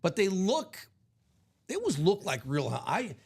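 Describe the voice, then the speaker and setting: A man's voice: high voice, wildly swooping pitch, normal speed, gravelly, breathy edge. A man hosting a live card-break stream, upbeat and chatty in a casual way.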